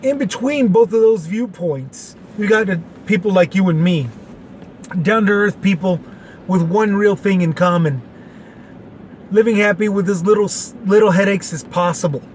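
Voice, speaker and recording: He's a Texas man in his late forties hosting a casual opinion podcast, rambling folksily and leaning on lots of fillers. His high-pitched voice is a little mellow at a moderate pace, and there's a slight hiss or hum.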